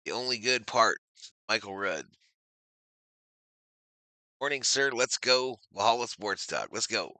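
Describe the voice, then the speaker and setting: A man doing energetic live play-by-play of a football game on his stream, stopping to read and answer viewer chat. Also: fairly low pitch, measured pace, long pauses, no room sound. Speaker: live stream sports commentator.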